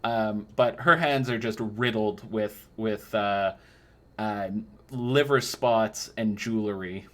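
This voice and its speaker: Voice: mid-range voice, slow. A game master narrating a tabletop game in a loose, playful way with frequent fillers.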